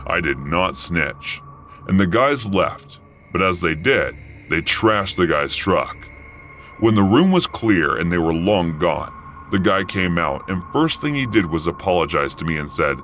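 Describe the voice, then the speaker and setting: A young man narrates a first-person horror story for an animated channel. His voice is deep, yet it rises and falls a lot as he tells the tale. The delivery is expressive and story-driven. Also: slight background noise. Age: young adult.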